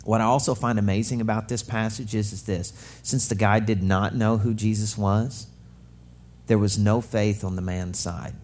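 A young adult male pastor preaching a sermon, lively and joking, acting out quoted voices. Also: fairly low pitch, moderate pace, a little hiss or hum.

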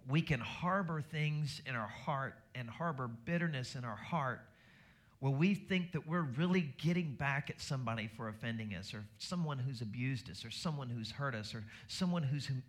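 A middle-aged man preaching a sermon at a medium pitch. He talks in a plain, conversational way and then climbs higher and louder to press his points. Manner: conversational preaching with lively rises in pitch and volume. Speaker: pastor.

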